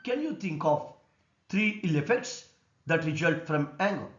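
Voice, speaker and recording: A man with an Indian English accent teaching an English lesson on word stress, explaining slowly and deliberately. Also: on the high side, lively intonation. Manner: slow, deliberate explanation, repeating words and stress rules. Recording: echoey room, dull lo-fi sound.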